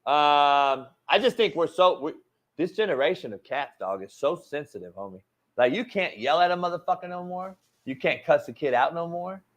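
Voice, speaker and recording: A man hosting a sports talk show, his voice sitting high and cutting. He argues hard and swears freely, pressing every point with loud, emphatic force. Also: animated, moderate pace. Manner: loud, profane, emphatic and combative. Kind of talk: heated sports radio rant.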